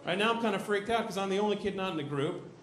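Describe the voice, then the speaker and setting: A high-voiced man works a stand-up set, telling his story with constant "right?" tags. His voice rings around a reverberant club room, with clear crowd noise behind him. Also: racing. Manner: animated storytelling, jumps into shrill shouted voices for characters; tag questions "right?" after nearly every beat. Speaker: stand-up comic. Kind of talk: stand-up comedy. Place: comedy club stage. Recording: roomy club sound with audience.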